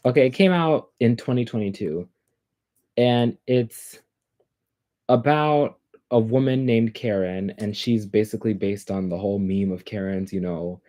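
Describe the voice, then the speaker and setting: A man with a fairly low voice chats casually on a livestream. He rambles from topic to topic and fills pauses with ums and likes. He speaks straight to his viewers. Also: dark tone. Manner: rambling, filler-heavy, chatty. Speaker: livestream host.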